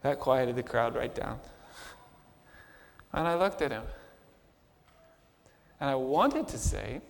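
A man preaching a first-person dramatic sermon monologue, an impassioned storyteller who swings between hushed and shouted lines. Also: mid-range voice, expressive, slow, creaky, big-room sound.

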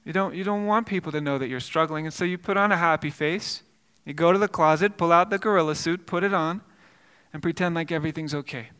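Male pastor giving a sermon, restarts a lot, bright sharp tone in a big echoey church. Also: fairly high pitch, fast, smooth. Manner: earnest storytelling with repeated words and restarts.

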